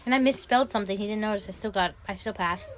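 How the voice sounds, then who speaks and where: A woman's voice: mid-range voice, very fast, a little hiss or hum. A woman co-hosting a casual podcast chat, joking around and swearing. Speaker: podcast co-host.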